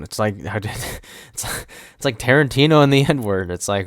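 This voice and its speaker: A man's voice: lowish voice, normal speed, clear, resonant tone, no echo, studio quality. A young man hosting a solo podcast, rambling and sarcastic, often cutting himself off mid-thought. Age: young adult. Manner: rambling, sarcastic, self-interrupting. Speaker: podcast host. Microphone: studio mic with windscreen.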